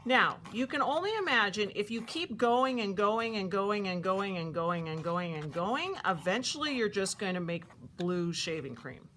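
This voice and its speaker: A woman teaching a craft to children at a camp, talking in a playful, animated, chatty way. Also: medium pitch, moderate pace, slight background noise.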